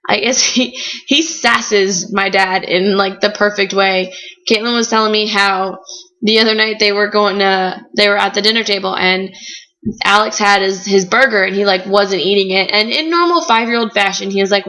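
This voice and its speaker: A young woman chatting casually in a video blog, telling animated stories full of "like". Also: mid-range voice, normal speed, low-quality recording. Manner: chatty, animated storytelling with frequent "like". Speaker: vlogger. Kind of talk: casual chat.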